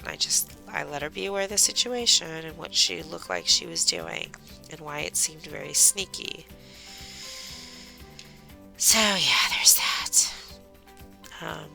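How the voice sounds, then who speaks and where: A woman's voice: lowish voice, gravelly, sharp tone. A middle-aged woman chatting casually while she crafts, telling a rambling story about her daughter as host of a craft livestream.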